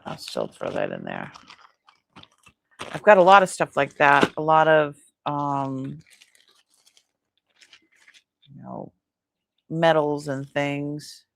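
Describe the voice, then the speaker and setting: Tired, gravelly woman host chatting. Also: low-pitched, sing-song, slow pace, pauses often, fairly bright tone, a little hiss or hum. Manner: chatty, rambling, laughs often. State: tired, yawning. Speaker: host selling antiques in a live sale. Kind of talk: casual live-stream unboxing chat.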